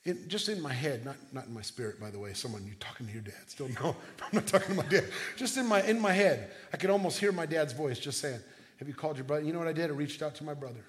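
A middle-aged man preaching a sermon as pastor, telling stories in a conversational way with quick restarts. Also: on the high side, sing-song.

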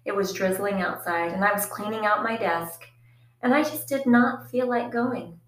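A woman reads a first-person story aloud in a quiet, reflective way, her voice sitting in a middle register. The recording carries a noticeable echo from the room. Her storytelling stays even and unhurried. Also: medium pitch. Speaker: audiobook narrator. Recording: echoey room.

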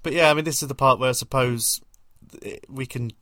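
A man co-hosting a podcast, recapping a film in a dry, gently mocking way. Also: mid-range voice, brisk, no echo. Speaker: podcast co-host.

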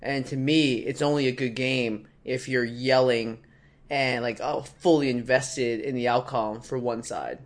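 A man's voice: medium pitch, a little slow. Laid-back young man chatting on a podcast. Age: late 20s. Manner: animated storyteller, acts out quoted people with a raised voice. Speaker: podcast co-host. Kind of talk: casual chat.

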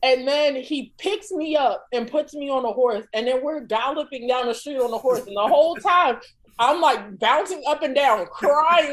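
A woman co-hosting a casual podcast, telling a funny story in an animated way and acting out her own panicked shouts. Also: high voice, normal speed, poor audio. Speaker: podcast co-host.

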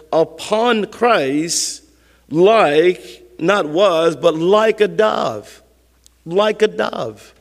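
A man's voice: fairly high pitch, in a large hall. A man preaching a sermon as pastor, talking it through conversationally with rhetorical questions and repeated phrases.

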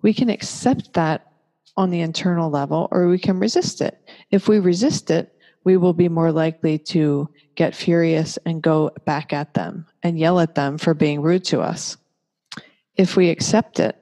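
A woman giving a calm, reflective teaching talk on parenting, speaking gently and patiently and working through examples step by step. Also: low voice, moderate pace. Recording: long reverberant room echo.

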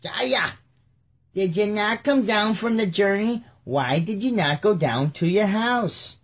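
A demanding ancient king, as a man puts him on, pitched well up and drawn out. The questions come slow and exaggerated. The tone stays husky under the strain. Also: lively intonation, exaggerated voice. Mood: questioning. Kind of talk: casual dramatic reading.

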